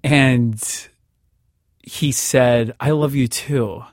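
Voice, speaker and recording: A man's voice: medium pitch, steady tone, extremely slow, no room sound. Stammering man telling a heartfelt story. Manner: stammers and repeats words, acts out quoted voices. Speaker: interviewee telling a personal story. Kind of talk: emotional first-person storytelling. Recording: dry close studio sound.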